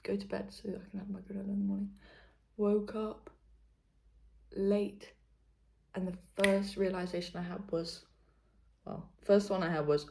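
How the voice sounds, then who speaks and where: Young british woman, vlog chatter, rambling, fry in her voice, warm mellow tone. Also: mid-range voice, flat delivery, moderate pace, long pauses. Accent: British English. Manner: chatty, rambling, self-correcting, slips into whispers. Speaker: vlogger. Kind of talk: casual chat to camera.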